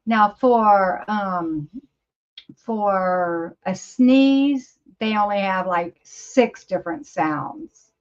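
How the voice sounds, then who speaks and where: A woman's voice: mid-range voice, extremely slow. A woman over fifty hosting a casual livestream from her home studio, chatting to viewers in a rambling, easily amused way. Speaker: livestream host. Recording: slightly dull lo-fi livestream audio.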